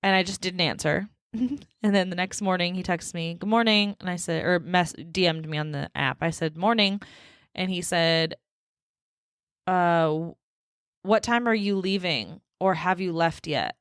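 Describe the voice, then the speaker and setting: A woman's voice: fairly low pitch, moderate pace, a bit bright, smooth, no echo. Sassy exasperated woman, dry close sound. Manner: sassy, exasperated, laughs often. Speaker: podcast host. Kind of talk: solo podcast storytelling.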